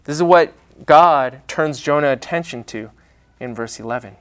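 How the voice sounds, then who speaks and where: Emphatic male preacher with a higher voice. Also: fairly bright tone. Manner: dramatic, emphatic delivery with pauses. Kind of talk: sermon.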